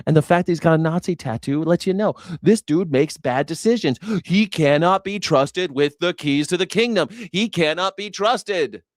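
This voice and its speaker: This is a man hosting a reaction show, riffing in blunt, profane commentary. His voice sits somewhat high for a man. The sound is close and dry, with no room around it. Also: no echo. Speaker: news reaction host. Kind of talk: casual commentary.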